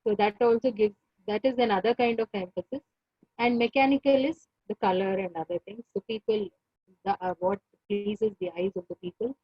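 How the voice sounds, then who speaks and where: A woman lecturer with an Indian English accent teaching an online class, repeating points and pausing on many fillers. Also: mid-range voice, dry recording, highs cut off. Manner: repetitive, pauses with many fillers.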